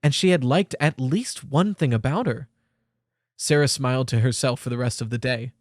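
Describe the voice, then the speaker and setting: A man's voice: medium pitch, moderate pace, no echo, studio quality. Young man narrating an audiobook. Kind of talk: scripted narration.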